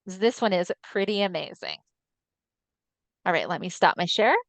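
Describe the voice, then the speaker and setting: A woman's voice: lowish voice, expressive, normal speed, no echo. A woman trainer giving an upbeat, chatty webinar presentation over a computer mic on a video call. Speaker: assistive technology trainer.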